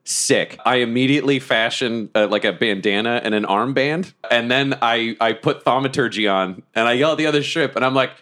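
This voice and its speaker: A man's voice: mid-range voice, fairly quick, hardly any pauses, sharp tone. A man with a mid-range voice plays a tabletop game. He talks in a playful, rambling way. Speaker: player.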